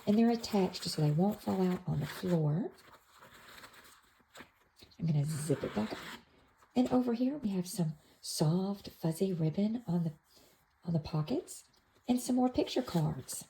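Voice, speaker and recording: A woman gently showing an activity book to toddlers, naming pictures in a soft, sing-song way. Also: lowish voice, expressive, unhurried, long pauses, slight background noise, poor audio. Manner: soft, sing-song, with playful animal sounds. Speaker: toddler class teacher. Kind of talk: slow, gentle show-and-tell for toddlers.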